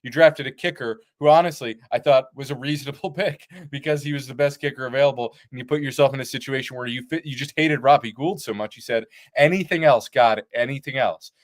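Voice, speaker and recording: A man's voice: medium pitch, steady tone, fast, few pauses. Casual man breaking down football. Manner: casual, profane, lists points with "like" and "right?". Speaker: football analyst co-host. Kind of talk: postgame sports analysis.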